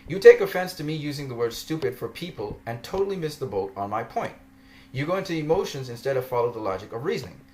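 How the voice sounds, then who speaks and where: A man's voice: mid-range voice, very animated, quick pace, a little mellow, slight background noise. A man vlogging a ranting commentary, argumentative and mocking, laughing often as he makes his case.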